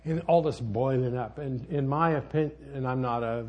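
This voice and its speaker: Husky older man preaching folksy sermon. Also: mid-range voice, moderate pace, dull audio. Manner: folksy, rambling, with sudden loud outbursts. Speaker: pastor. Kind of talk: sermon with storytelling.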